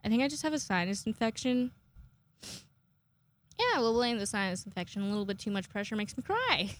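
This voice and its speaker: A woman in her twenties chatting casually to her viewers, rambling and self-mocking, swearing often and jumping into high-pitched acted quotes. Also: animated, brisk. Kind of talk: casual chat to camera.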